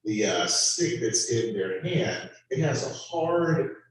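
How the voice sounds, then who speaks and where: A man's voice: medium pitch, sing-song, slow. Man telling a story in an echoey hall. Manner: casual storytelling with frequent ums. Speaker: panelist sharing a mission trip. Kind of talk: church panel testimony with slides. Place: church hall. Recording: echoey hall from far off, faint noise.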